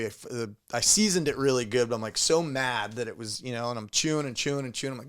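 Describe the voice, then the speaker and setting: Swearing, animated storyteller man. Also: mid-range voice, very fast, hardly any pauses. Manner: animated storyteller, swears a lot, acts out sounds. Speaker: podcast co-host. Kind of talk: casual podcast chat.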